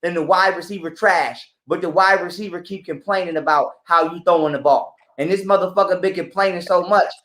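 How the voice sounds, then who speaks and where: A man's voice: sits high, steady tone, a little fast, few pauses, a bit bright. Blunt, profane man in an echoey room. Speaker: podcast guest. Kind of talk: casual live-stream talk.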